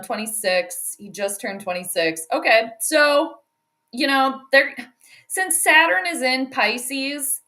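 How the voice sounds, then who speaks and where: Bright-voiced woman host, rambling. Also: fairly high pitch. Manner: rambling, many fillers like "um" and "like". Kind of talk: casual sports astrology talk.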